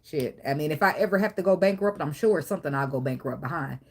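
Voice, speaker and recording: A woman's voice: sits low, expressive, fast talker, a little mellow, a little hiss or hum. A woman giving a casual tarot reading, blunt and profane, talking straight to the viewer. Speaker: tarot reader.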